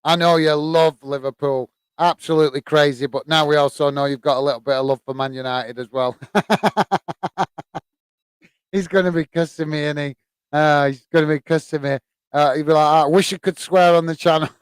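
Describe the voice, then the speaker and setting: A man's voice: fairly high pitch, steady tone, fairly quick, clear, resonant tone, dry recording. A man from the UK hosting a live football watch-along, chatting casually with viewers and laughing often. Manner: chatty, laughs often, lots of "uh" fillers, calls viewers "mate". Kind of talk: casual live-stream chat, reading comments aloud.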